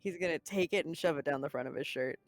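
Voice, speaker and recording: An amused player chatting through a tabletop game and laughing often. The voice is gravelly and sits at a middle pitch. The recording is dry, with faint music behind. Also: fast, no echo. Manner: amused, laughing between lines. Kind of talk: casual tabletop game chat.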